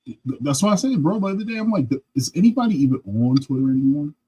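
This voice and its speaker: A man's voice: a little high, rapid-fire, slightly rough, rough recording. A man co-hosting a live sports talk stream, chatting animatedly and laughing often. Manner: animated, laughs a lot, says "you know what I'm saying". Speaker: podcast co-host. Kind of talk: casual chat.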